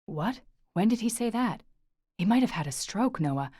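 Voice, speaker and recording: A woman's voice: medium pitch, expressive, normal speed, dark tone, husky, no echo, clean studio sound, voice pushed up. A woman reading the part of a worried family friend in an audiobook, urgent and insistent. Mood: alarmed. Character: adult man, a worried, pushy family friend.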